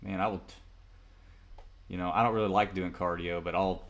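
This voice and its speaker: Low-voiced laughing podcast co-host, a man. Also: steady tone, brisk, creaky. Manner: laughing, rambling, reads a legend aloud. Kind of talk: casual chat.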